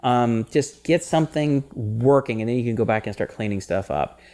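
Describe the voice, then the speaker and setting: A man co-hosting a casual podcast chat, animated and rambling, often breaking into laughter. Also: mid-range voice, moderate pace. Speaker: podcast co-host.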